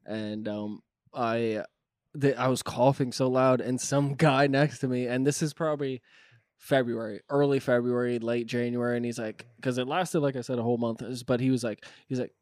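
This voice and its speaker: A man's voice: mid-range voice, fairly even intonation, normal speed, darkish tone, no echo, studio quality. A man telling a story in a casual podcast chat, full of fillers and cursing. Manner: rambling, filler-heavy storytelling.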